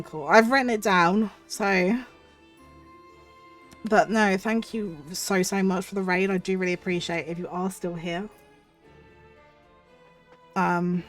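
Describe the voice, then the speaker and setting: A woman streamer with a cold, her voice husky, chatting effusively with viewers. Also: lowish voice. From United Kingdom. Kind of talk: casual livestream chat.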